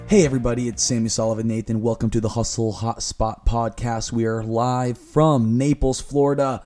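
A man's voice: mid-range voice, level tone, moderate pace, darkish tone, soft background music. A young man hosting his own podcast, talking earnestly in an upbeat coaching way as a lifestyle coach. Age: young adult. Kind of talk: solo motivational podcast talk. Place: Florida.

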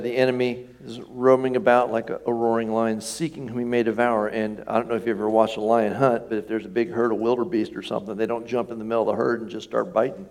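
A man preaching a sermon to his congregation in a relaxed, conversational way, often checking in with questions. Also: medium pitch. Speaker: pastor. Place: church sanctuary.

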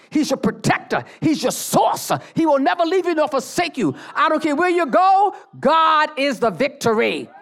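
With a voice that sits high, a preacher delivers a fiery church sermon. He repeats phrases, calls on the congregation to answer, and bursts into shouts.

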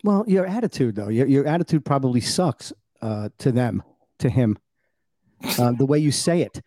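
A man's voice: medium pitch, animated, moderate pace, mellow, dry recording. A man in his sixties hosting a podcast, chatting in an easygoing way and agreeing with his guest. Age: 60s. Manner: easygoing, agreeing, laughing along. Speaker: podcast host. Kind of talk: casual podcast chat.

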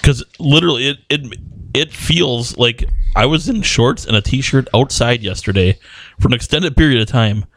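A man's voice: mid-range voice, moderate pace, fairly bright tone, no room sound. A young man from Wisconsin co-hosting a casual podcast, joking sarcastically and swearing. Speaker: podcast co-host. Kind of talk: casual chat.

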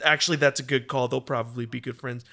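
Bright-voiced rambling player. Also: male voice, medium pitch, fairly even intonation, fast talker, creaky. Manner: rambling, with stammering restarts. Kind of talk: comedic tabletop role-play.

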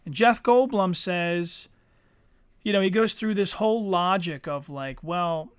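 A man with a high voice, rambling in casual chat. He leans on fillers like "you know" and "like." He is recorded close and dry, with no room sound. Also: unhurried, smooth, no room sound.

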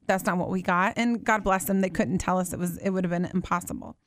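A woman in her thirties telling a personal faith story, earnest and heartfelt, slowing down to stress her words. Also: mid-range voice, no room sound, clean studio sound. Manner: earnest, heartfelt, slows down for emphasis.

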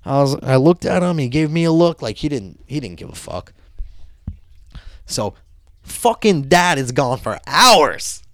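A man tells a story in casual chat, cursing freely. His pitch swings widely as he talks. The sound is dry, with almost no room around it. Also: a little slow, no echo. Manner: profane, animated storytelling.

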